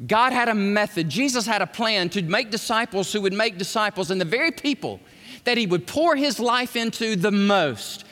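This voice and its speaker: A man delivers a sermon in a high, lively voice that swoops widely as he acts out the characters of scripture. He is recorded in an echoey large hall with a long reverb, his voice at times drifting away from the mic. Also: normal speed. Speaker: pastor.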